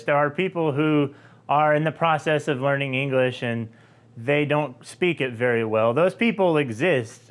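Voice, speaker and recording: A man's voice: mid-range voice, a bit bright. An earnest man talks through a point about dialects. He explains things in a conversational way and drops the occasional filler as he goes. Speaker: educational video host. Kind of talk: explanatory commentary.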